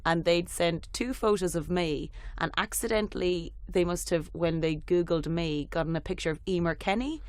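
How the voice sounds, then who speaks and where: A woman guest on a radio comedy show, chatting and joking quickly and laughing often, recorded on a studio mic. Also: fairly low pitch, no echo. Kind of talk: casual radio banter.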